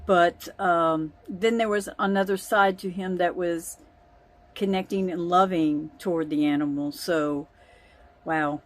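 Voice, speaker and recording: A woman's voice: on the low side, fairly even intonation, a little slow. A woman telling a family story in a chatty way, often breaking into laughter. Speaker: vlogger. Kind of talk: casual storytelling.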